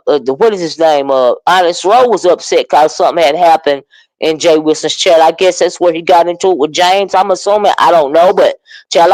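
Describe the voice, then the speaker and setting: A man hosting a casual livestream, chatting about online drama and greeting viewers in the chat with drawn-out exclamations. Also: medium pitch, darkish tone, no echo, low-quality recording. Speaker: livestream commentary host. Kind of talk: casual livestream gossip commentary.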